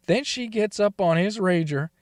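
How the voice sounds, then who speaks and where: A man's voice: sits high, lively intonation, moderate pace, no room sound, studio quality. A man telling a story in a casual, crude way, swearing and laughing often between lines.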